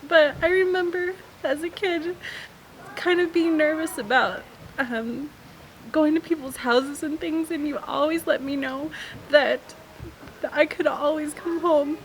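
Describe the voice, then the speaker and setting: A woman speaks to the camera on the edge of tears, telling her mother how much she loves her. Her voice is high and soft. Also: steady tone, a little slow, slight background noise, low-quality recording. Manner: emotional, close to tears. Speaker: daughter sharing a memory. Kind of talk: heartfelt message to camera.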